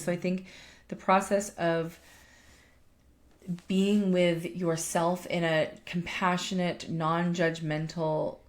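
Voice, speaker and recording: A woman's voice: on the low side, level tone, takes it slowly. A woman life coach and podcast co-host chatting casually, emphatic, swearing freely and often restarting her sentences. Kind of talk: casual chat.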